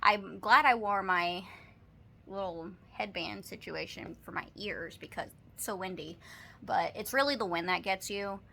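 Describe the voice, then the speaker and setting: A young woman with a Texan accent talks casually to her camera at home, rambling through a shopping haul and a funny story. Her voice sits at an ordinary middle pitch, and her talk is loose and chatty, full of "like" and "you know.". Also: unhurried, vocal fry, pushed and bright, slight background noise. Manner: chatty, storytelling, says "like" often. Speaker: vlogger. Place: apartment, indoors.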